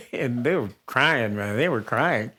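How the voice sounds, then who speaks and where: A man's voice: medium pitch, animated, takes it slowly, sharp tone, husky. Older man, singer, interview storytelling, easy chuckles, mid-range voice. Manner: chuckles often while telling anecdotes.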